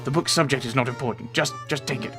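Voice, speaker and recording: A man voicing a secretive male gun dealer with a put-on accent that keeps slipping, hushed and pushy. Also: mid-range voice, fast talker, music in the background, close to an everyday voice. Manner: hushed and conspiratorial, snapping when impatient. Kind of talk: voicing game characters in a let's play.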